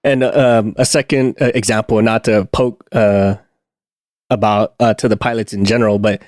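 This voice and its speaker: A man's voice: fairly low pitch, fairly even intonation, moderate pace, a little mellow, no room sound, studio quality. A man co-hosting a casual podcast, telling a maintenance war story with lots of fillers and restarts and frequent laughs. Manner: rambling, many fillers and restarts, laughs often. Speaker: podcast co-host, aircraft maintenance technician.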